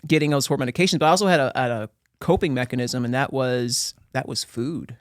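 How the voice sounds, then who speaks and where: A young man from Pennsylvania, a podcast guest telling his life story in a casual, animated way with slangy asides. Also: mid-range voice, fast talker, dry recording, studio quality. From Pennsylvania, USA.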